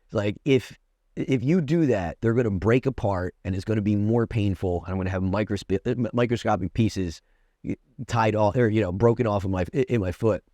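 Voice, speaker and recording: A man with a very low, deep voice tells a long personal story the way a comedian does, casual and profane. He stumbles through restarts and acts out both sides of the conversation, and his voice sits close and dry on the mic. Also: steady tone, a little fast, a little mellow, no room sound. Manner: rambling, profane, with many restarts and quoted exchanges. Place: New York City.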